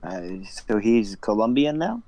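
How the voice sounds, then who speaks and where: Male co-host, animated pitch, crude teasing banter. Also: unhurried. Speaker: podcast co-host. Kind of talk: casual chat.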